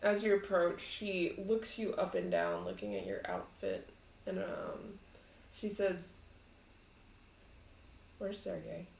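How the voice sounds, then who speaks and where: A woman narrates a tabletop game slowly and hesitantly, pausing on fillers. Her voice is low and gravelly. It is recorded in an echoey room with faint noise behind it. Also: sing-song. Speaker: game master.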